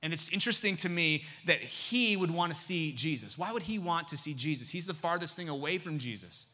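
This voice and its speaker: Bright-voiced, lively male pastor. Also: on the high side, fairly quick. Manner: lively and humorous, swinging between loud and hushed. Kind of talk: sermon.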